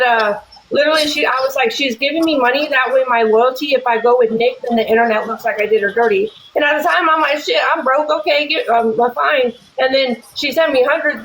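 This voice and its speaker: A woman in casual chat who talks fast and rambles, blunt and profane. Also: high-pitched, a bit bright, echoey room, slight background noise, poor audio. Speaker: livestream guest.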